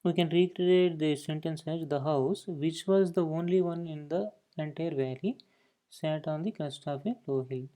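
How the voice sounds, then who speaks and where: A man's voice: on the high side, normal speed, warm tone. A man teaching a grammar lesson, explaining points and often saying "okay" between them. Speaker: English teacher.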